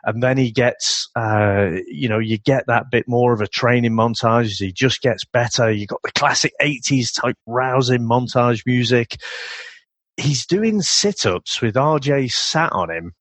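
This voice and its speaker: A man's voice: medium pitch, measured pace, fairly bright tone, no echo. A man co-hosting a podcast, chatting casually about an old martial arts film, often laughing and mimicking lines. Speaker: podcast co-host.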